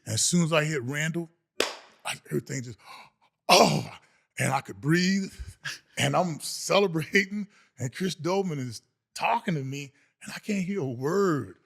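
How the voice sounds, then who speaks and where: Brief: middle-aged male guest, a former football player, raised voice, animated storyteller who laughs through his anecdotes. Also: fairly high pitch, moderate pace, gravelly. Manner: animated, laughs often, acts out quoted voices. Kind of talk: casual storytelling.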